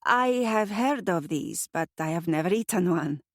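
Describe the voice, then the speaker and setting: A woman's voice: lowish voice, lively intonation, moderate pace, no room sound, studio quality. A woman voicing a polite, formal young Italian man in an audiobook. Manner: careful formal phrasing.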